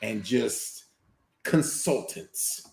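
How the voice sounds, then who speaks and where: A man co-hosting a podcast in casual chat, giving opinionated, animated rants. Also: on the low side, extremely slow, creaky, reverberant. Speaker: podcast co-host.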